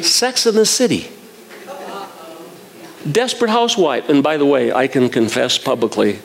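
A man's voice: on the high side, creaky. A man in his sixties preaching a sermon in a folksy, self-mocking way, chuckling at his own jokes.

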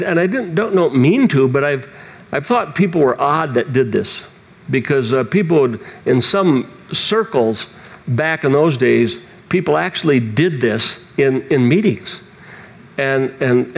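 Gravelly man telling a sermon story. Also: a little high. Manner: rambling storytelling with restarts and chuckles. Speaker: preacher. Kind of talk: sermon testimony.

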